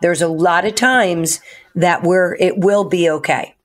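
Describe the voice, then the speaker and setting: A woman's voice: fairly low pitch, a little slow. A woman co-hosting a radio show who explains mortgage advice in a practical, casual way. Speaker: mortgage lender, radio co-host.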